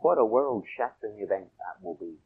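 Guy giving a sermon, voice jumps all over, slows way down on the big lines. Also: expressive, husky, phone-quality sound. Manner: dramatic swings between loud emphatic peaks and soft low asides; slows and stretches key phrases. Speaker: preacher.

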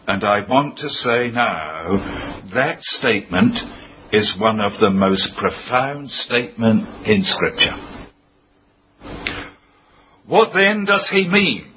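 A man preaching a sermon, emphatic and declaiming key phrases loudly. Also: medium pitch, expressive, slow pace. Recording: dull lo-fi sound with faint noise.

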